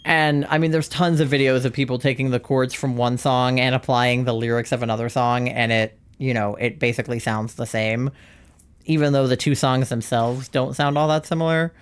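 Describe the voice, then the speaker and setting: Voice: mid-range voice, steady tone, normal speed, clear, resonant tone. Chatty, rambling young-adult streamer. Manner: rambling and chatty, laughs often. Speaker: live streamer. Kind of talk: casual chat while streaming a game.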